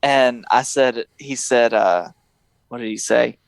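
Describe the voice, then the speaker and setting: Speaking slowly with a creaky, medium-pitched voice, a young podcast host keeps things casual, laughing often and lively as he imitates people he quotes. There's no echo on the recording.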